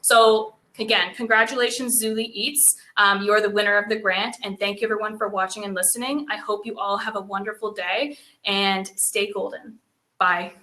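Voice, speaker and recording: A woman's voice: mid-range voice, steady tone, normal speed, pushed and bright, a little hiss or hum. A woman with a Canadian accent giving an earnest, unscripted speech at a virtual event, speaking eagerly with many ums. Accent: Canadian English. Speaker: grant presenter and business owner.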